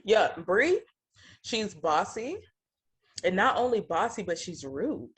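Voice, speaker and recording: A woman's voice: medium pitch, very animated, slow, crowd noise. A woman co-hosting a reaction show, chatting casually and giving outspoken, slang-heavy opinions. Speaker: co-host of a reality TV reaction show. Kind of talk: casual chat reacting to a TV episode.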